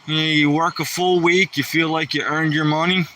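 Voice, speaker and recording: Telling corny jokes and mocking himself on a laid-back stream, the man has a high-leaning, sharp voice delivered flatly at an ordinary pace. Distant miking and a slight hiss or hum color the audio.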